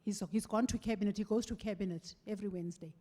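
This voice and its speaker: A woman's voice: mid-range voice, quick pace. A middle-aged South African woman giving a farewell speech, telling stories and acting out the voices of the people in them. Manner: animated storytelling, acting out quoted voices. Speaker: farewell speaker. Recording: echoey hall with long reverb.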